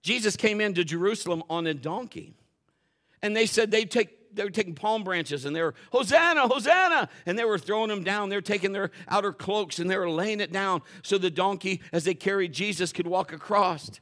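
A middle-aged man preaching a sermon in a folksy, animated way, acting out quotes and dropping to a whisper for emphasis. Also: sits high, brisk. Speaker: pastor.

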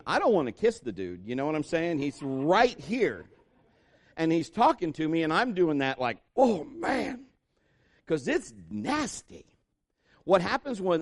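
A man preaching a sermon, telling jokes and stories and breaking into loud shouted impressions. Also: on the high side. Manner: animated, jokey storytelling with shouted impressions. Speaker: pastor.

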